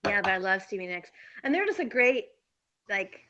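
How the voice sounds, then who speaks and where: A woman's voice: medium pitch, big pitch swings, normal speed, dull audio, a crowd in the background. A woman in casual chat as co-host, upbeat and laughing easily.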